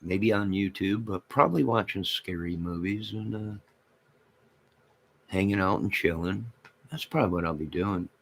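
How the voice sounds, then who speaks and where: A livestream host rambles and jokes casually with his chat viewers, speaking in a toothless way. His voice is low and gravelly yet fairly bright in tone, at a moderate pace.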